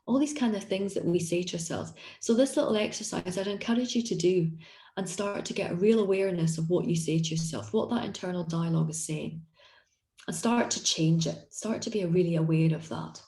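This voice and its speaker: A woman's voice: lowish voice, fairly quick, warm tone, echoey room. A woman coaching an online group session on confidence, talking in an encouraging, conversational way with frequent restarts. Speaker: executive coach.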